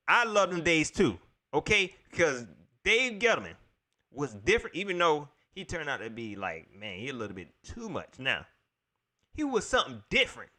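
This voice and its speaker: A man with a fairly high, bright, forceful voice hosts a casual solo livestream at normal speed, his pitch swinging widely. Exasperated, he vents about sports to chat, talking to viewers directly and repeating himself as he rambles.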